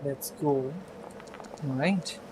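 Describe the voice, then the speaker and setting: A man's voice: mid-range voice, extremely slow, darkish tone, slight background noise, poor audio. A man narrating a tabletop game as game master, casual and rambling with fillers.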